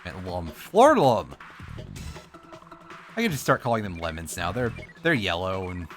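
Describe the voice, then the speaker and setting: A man's voice: sits low, very animated, measured pace. A sleepy man streaming a video game, talking casually into a desk mic. He rambles in a wry, offhand way and corrects himself mid-thought. Faint music plays under his voice. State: sleepy, yawning. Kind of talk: casual let's-play commentary.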